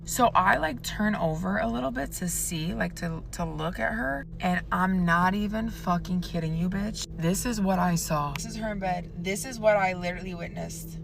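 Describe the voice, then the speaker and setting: A woman's voice: lowish voice, normal speed, creaky, hardly any pauses, background noise. A woman in her twenties telling a storytime vlog in a chatty, profane way, talking straight to the viewer.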